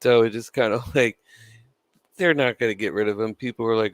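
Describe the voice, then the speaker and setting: A man's voice: mid-range voice, brisk, no echo. A man chewing gum with a dry mouth, giving casual, opinionated commentary as a wrestling news vlogger, swearing freely and laughing between points.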